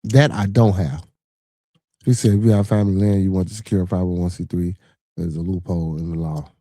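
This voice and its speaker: Low, dark-voiced Chicago man. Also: fairly even intonation, brisk, dry recording, clean studio sound. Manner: blunt, profane, repeats words and restarts. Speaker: podcast host. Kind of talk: casual chat.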